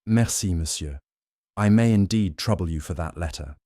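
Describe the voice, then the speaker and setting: A man's voice: low-pitched, moderate pace, dry recording, studio quality, close to an everyday voice. Hercule Poirot, a man doing the courtly Belgian sleuth. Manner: soft, courtly, precise. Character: fussy elderly male Belgian detective.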